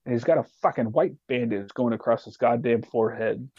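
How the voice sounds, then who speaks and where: A man tells a war story in a casual podcast chat, swearing freely and acting out the voices of his squad. His tone is warm and mellow. The recording is dry and dull, like a lo-fi home setup. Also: medium pitch, brisk, slightly rough, dry recording. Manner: profane, animated war storytelling. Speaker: podcast guest, retired soldier.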